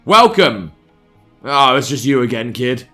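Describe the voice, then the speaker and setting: A man reading the lines of a gruff, teasing middle-aged male baker who is a girl's father, in a blunt, mocking way. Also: mid-range voice, big pitch swings, unhurried, pushed and bright, faint music behind.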